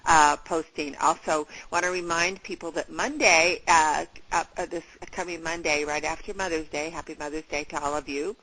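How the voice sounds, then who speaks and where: A woman with a gravelly morning voice leading a sales training over a phone conference call, upbeat and enthusiastic and loosely rambling. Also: deep voice, bright, forceful tone, low-quality recording. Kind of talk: motivational training talk. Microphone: phone line into a conference call.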